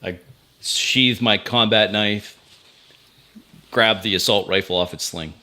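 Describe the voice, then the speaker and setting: A man playing a tabletop sci-fi game, briskly describing his character's actions. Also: on the low side, pushed and bright. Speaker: player.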